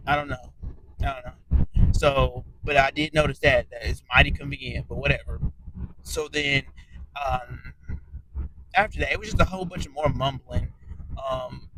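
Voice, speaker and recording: A man giving a casual, profane audio recap of a reality show, ranting bluntly and sometimes trailing off into quiet mumbles. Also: medium pitch, slight background noise, poor audio.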